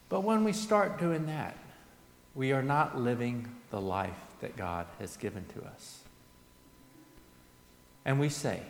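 A man's voice: mid-range voice, big pitch swings, takes it slowly, pauses often. Man preaching in an echoey church. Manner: earnest, rising questions and soft endings. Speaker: pastor. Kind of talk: sermon. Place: church sanctuary. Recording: echoey church hall with long reverb.

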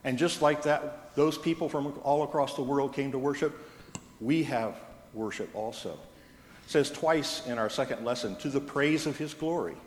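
A pastor delivers a Sunday sermon, telling stories with a light touch of humor. His voice sits at an ordinary middle pitch. It carries through a roomy church hall with a long reverb tail. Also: normal speed. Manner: storytelling with gentle humor. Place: church sanctuary. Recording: echoey church hall from a distance.

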